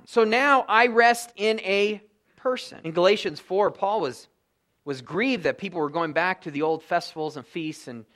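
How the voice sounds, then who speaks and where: Middle-aged male pastor, high voice, earnest sermon delivery, lots of rhetorical questions. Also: a bit bright.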